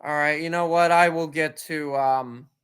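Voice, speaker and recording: Smooth-voiced man hosting a casual stream. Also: fairly high pitch, steady tone, normal speed, fairly bright tone. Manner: reads chat and pages aloud while browsing. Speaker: stream host.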